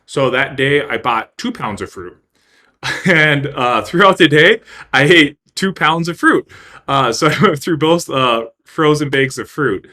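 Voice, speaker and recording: Bright-voiced man telling a blunt story. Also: fairly high pitch, animated, a little slow. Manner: blunt and profane, acts out his own reactions. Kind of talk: casual personal anecdote.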